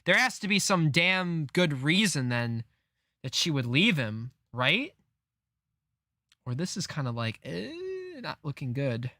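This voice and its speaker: A man reading a comic aloud on a live stream, reacting with disbelief and frequent swearing as he thinks out loud. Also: fairly high pitch, expressive, measured pace, no echo, clean studio sound.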